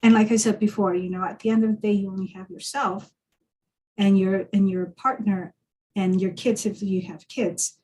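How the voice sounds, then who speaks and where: A woman's voice: medium pitch, steady tone, normal speed, a little mellow, rough recording. A woman, a guest on a video call, talking reflectively through a personal story with frequent restarts. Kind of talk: casual conversation.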